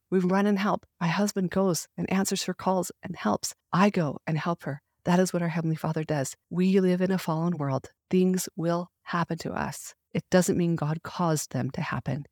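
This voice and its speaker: A woman's voice: low voice, a little mellow, no echo, studio quality. A middle-aged woman hosting a faith podcast, speaking in an earnest, heartfelt, emphatic way. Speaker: podcast host. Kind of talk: faith devotional talk.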